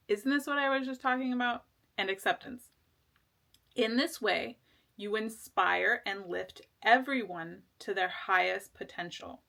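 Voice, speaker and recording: A woman's voice: mid-range voice, measured pace, creaky, fairly bright tone. A woman giving a casual tarot reading, rambling with lots of fillers and restarts, earnest and reassuring. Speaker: tarot reader.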